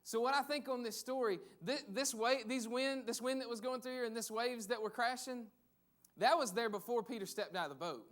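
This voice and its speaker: High-voiced man preaching a sermon. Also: fairly quick, a bit bright. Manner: conversational, repeats phrases for emphasis. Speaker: pastor.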